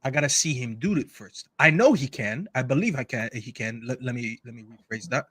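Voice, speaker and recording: A man's voice: mid-range voice, a little fast, fairly bright tone, breathy edge, no room sound. A man arguing football in a casual panel debate, emphatic and repetitive, often cutting in. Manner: emphatic, repeats himself, interrupts.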